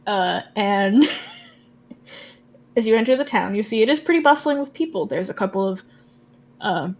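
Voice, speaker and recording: A woman's voice: medium pitch, lively intonation, moderate pace. A woman narrating a tabletop game as game master, giggling often and talking loosely with many fillers.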